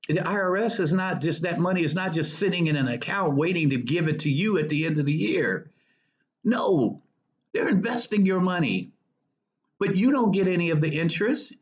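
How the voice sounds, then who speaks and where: Emphatic man giving money tips. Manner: emphatic, repeats key points, lively swings between high stresses and low asides. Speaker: personal finance show host. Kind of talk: casual direct-to-viewer advice talk. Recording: dull lo-fi recording.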